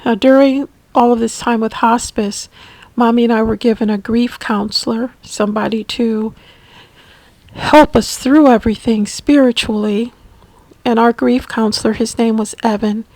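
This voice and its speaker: A woman narrating a personal caregiving memoir, emotional and halting, often repeating words. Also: fairly high pitch, fairly even intonation, a little mellow, dry recording, rough recording. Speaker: family caregiver.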